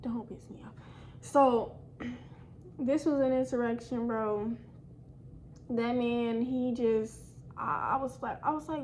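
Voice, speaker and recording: Young woman vlogger, high voice, chatty storytime delivery with light background hiss. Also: slow, pauses often, rough recording. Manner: animated, slangy, addresses viewers as y'all. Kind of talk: casual storytime.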